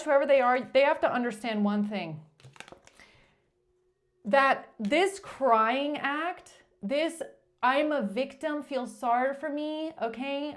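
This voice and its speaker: A woman giving a tarot reading in a blunt, emphatic way, cursing when she gets frustrated. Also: on the high side. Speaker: tarot reader.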